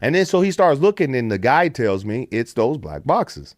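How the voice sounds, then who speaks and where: Middle-aged American man, podcast storyteller, very expressive pitch, dry close mic. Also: normal speed, no room sound. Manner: animated storyteller, puts on voices for quotes, swears freely. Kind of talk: casual storytelling.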